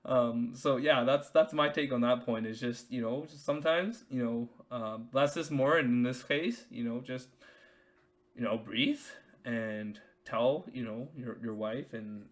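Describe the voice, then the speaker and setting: A man's voice: medium pitch, a little slow. A man hosting a podcast, talking casually as a new father, rambling with many fillers and restarts.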